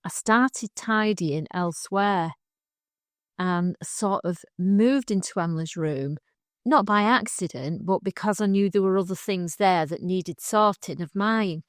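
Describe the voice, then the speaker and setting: A middle-aged woman chats as a podcast co-host, telling stories with lots of laughter. Her voice sits at a middle pitch and sounds close and dry, with no room around it. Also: measured pace, no echo. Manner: chatty, laughs often, animated storytelling. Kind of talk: casual chat.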